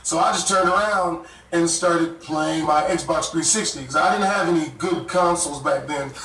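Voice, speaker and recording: A man tells a story in an animated, profane rush, with a high voice. He sits back from the mic, so the sound carries the echo of the room. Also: moderate pace, slight background noise. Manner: animated, profane, laughs while telling. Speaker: YouTuber telling a story. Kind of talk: casual storytelling. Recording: echoey room, mic far off.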